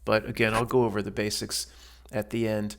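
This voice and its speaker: A man's voice: fairly low pitch, level tone, fairly quick, a bit bright. A man giving casual, blunt voice-over commentary on a stove build video, rambling with many restarts and fillers.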